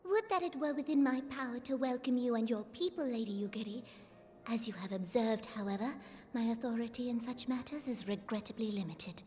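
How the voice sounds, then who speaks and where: A woman's voice: on the high side, a little fast, a little mellow, lightly acted. A woman voicing a formal young queen. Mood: regretful. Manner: formal, polite. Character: young queen, regal and regretful.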